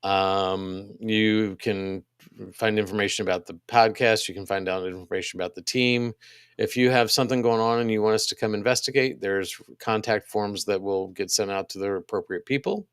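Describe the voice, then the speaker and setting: Guy co-hosting a podcast, lowish voice, halting w lots of ums, dry close sound. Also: fairly even intonation, clean tone, dry recording. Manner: halting, many ums and restarts. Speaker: podcast co-host. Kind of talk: casual chat, reading upcoming schedule.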